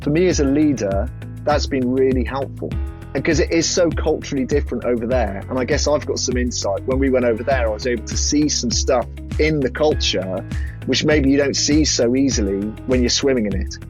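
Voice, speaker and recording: A British pastor talking casually as a podcast guest, hesitant and halting, with frequent restarts. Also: male voice, medium pitch, a little mellow, dull audio, soft background music.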